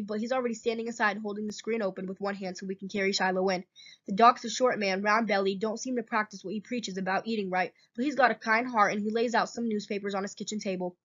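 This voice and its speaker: A woman's voice: medium pitch, fairly bright tone. Woman reading a children's book aloud. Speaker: host. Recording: dull lo-fi recording.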